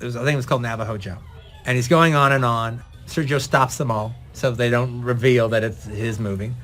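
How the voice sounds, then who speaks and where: A man, a film director being interviewed, telling a long anecdote with lively delivery. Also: medium pitch, fairly quick, soft background music. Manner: lively, acts out dialogue in the retelling. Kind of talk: animated anecdotal storytelling.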